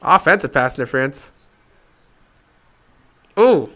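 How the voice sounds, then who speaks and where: A man hosting a fan livestream, talking over a live football game, repeating his points insistently and swinging between excited outbursts and flat, deflated stretches. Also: mid-range voice, slow. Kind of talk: live game watch-along commentary.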